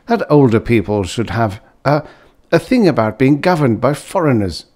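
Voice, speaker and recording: A man voicing a burly, hairy conspirator who needles and insinuates, raised well above his own pitch. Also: very animated, moderate pace, a little mellow. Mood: insinuating. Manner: insinuating, pushy.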